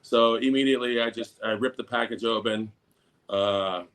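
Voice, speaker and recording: Animated middle-aged man telling a story. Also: mid-range voice, normal speed, smooth. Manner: animated, acts out quotes in a raised, shouting voice. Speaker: podcast co-host. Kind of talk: casual storytelling.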